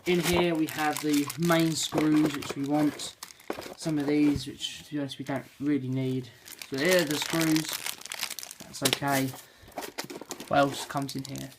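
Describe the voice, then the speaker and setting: A man's voice: fairly high pitch, little pitch movement, unhurried. A young man from England, chatting casually and rambling through an unboxing, full of fillers and self-deprecating asides. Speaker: unboxing vlogger. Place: home bedroom. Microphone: handheld camera mic. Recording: noisy home camera audio. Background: crinkling packaging and clicks.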